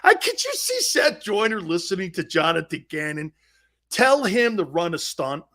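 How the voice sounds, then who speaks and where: A man hosting a sports talk show, ranting loudly with frequent laughter, shouts and mocking asides. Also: sits high, wildly swooping pitch, moderate pace. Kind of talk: energetic sports talk rant.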